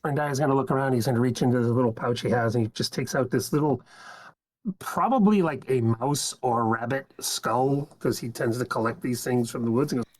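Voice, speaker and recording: Husky-voiced tabletop player. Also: mid-range voice, fairly quick, low-quality recording. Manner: relaxed, describing his character's actions. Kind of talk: tabletop role-play.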